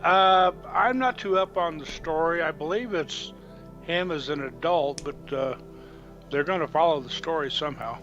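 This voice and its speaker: A man in casual chat, mostly giving brief, relaxed replies and telling short stories of his own. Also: fairly high pitch, moderate pace, lo-fi sound, soft background music.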